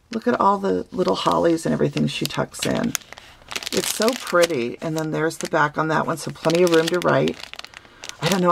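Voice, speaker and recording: A woman's voice: low voice, creaky, background noise. A woman opening handmade gifts on her craft vlog, gushing and sentimental, with many fillers. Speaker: craft vlogger. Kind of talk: casual gift-opening vlog.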